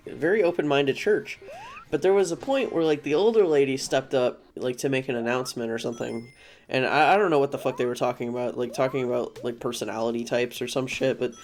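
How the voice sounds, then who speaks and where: A young man casually telling a personal story, rambling with frequent restarts and fillers and swearing now and then. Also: mid-range voice. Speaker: vlogger.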